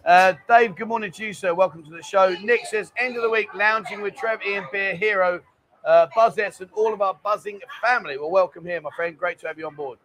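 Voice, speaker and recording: A man's voice: high-pitched, fairly bright tone. A hungover man from London with a London accent, co-hosting a casual livestream, reading viewer comments and joking around. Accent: London English. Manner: jokey banter, quick and chatty. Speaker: co-host of a livestream.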